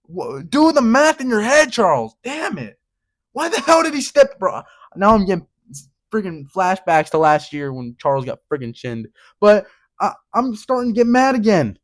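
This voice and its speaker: A young man rants heatedly on his own channel, swearing and leaning on "bro" again and again. His voice sits a little high. The sound is dry and close. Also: sing-song, normal speed, no room sound. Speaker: channel host. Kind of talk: casual fight-prediction rant.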